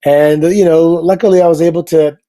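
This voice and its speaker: Man, middle-aged, fairly high voice, upbeat storyteller, casual asides. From Canada. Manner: lively anecdote teller, upbeat, quick asides. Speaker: guest.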